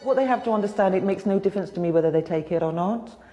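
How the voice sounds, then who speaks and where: A woman's voice: medium pitch, quick pace, big-room sound, highs cut off, faint music behind. A woman working as a housing officer, matter-of-fact and coaxing with tag questions. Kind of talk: documentary clip, showing a flat.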